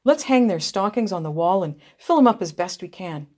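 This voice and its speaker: A woman's voice: fairly low pitch, lively intonation, fairly quick, a little mellow. A woman reading aloud, voicing a young male soldier back from the war, plain-spoken and rueful. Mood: eager.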